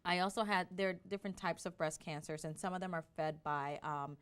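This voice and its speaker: A woman telling her personal story as an interview guest, in an animated way with frequent restarts. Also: fairly low pitch, fairly quick, clean tone.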